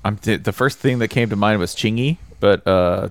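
A man co-hosting a podcast in casual chat, jokey and animated. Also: on the low side, normal speed, no echo. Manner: animated, jokey, shouts mock catchphrases. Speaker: podcast co-host.

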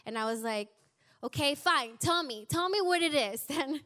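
A woman in her forties telling a personal testimony to a church congregation, animated and acting out the people she quotes. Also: high voice, normal speed. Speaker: church speaker sharing a testimony.

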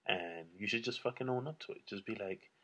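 A man vents on his own to camera in a loose, rambling monologue. His voice sits low with a husky edge, and his manner stays blunt and heavy on swearing. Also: brisk, sharp tone. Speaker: solo vlogger. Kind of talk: casual solo rant.

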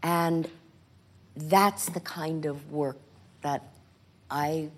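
An older woman on stage telling animated stories about acting work, often acting out quoted lines. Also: low-pitched, very slow. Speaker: guest actress in a stage conversation. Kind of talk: conversational storytelling. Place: stage before a live audience.

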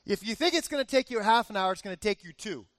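A man in his forties preaching a sermon as pastor, telling a lively family story and acting out the cheers. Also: sits high, fast talker, no echo. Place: church.

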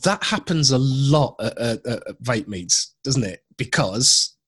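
A man co-hosts a podcast in relaxed, agreeable chat. His voice is a little husky and sits at a middle pitch, and his phrases often trip and restart. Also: slow pace. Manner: agreeable, chatty, with frequent restarts. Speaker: podcast co-host. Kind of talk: casual chat.

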